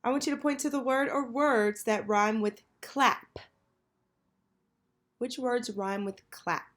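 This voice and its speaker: A woman teacher leading a children's phonics lesson, patiently prompting and pausing for answers. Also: a little high, a bit bright. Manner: slow, patient, call-and-response prompting.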